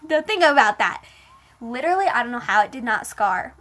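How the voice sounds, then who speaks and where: A woman tells a personal story in a casual, emotional way, her voice sitting a little high. She piles on filler words and plays up the dramatic moments as she goes. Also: expressive, fairly quick, fairly bright tone.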